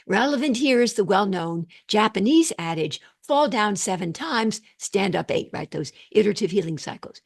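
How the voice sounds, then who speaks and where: Gravelly, husky older woman lecturing. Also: medium pitch. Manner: animated, digressive, laughs at own jokes. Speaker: psychotherapist lecturer. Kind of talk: online lecture.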